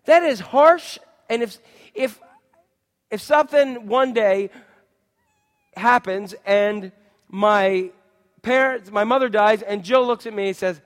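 High voiced pastor guy preaching, lively, lots of questions to the crowd, long echo in a big hall. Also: measured pace. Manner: animated, acts out quotes and asks the congregation questions. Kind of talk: sermon.

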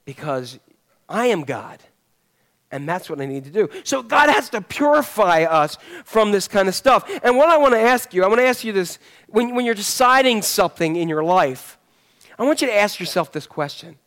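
Guy pastor preaching in church, chatty and jokey, kinda high voice. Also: lively intonation, moderate pace, a bit bright. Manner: conversational, joking storyteller. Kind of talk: sermon. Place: church service.

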